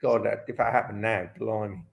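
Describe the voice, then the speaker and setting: A man's voice: on the low side, steady tone, a little fast, gravelly, rough recording. A man in his fifties, a former motocross champion, telling stories as a guest in a live online interview in a rambling way full of restarts. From Britain. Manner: rambling, restarts often, lots of "um" and "like".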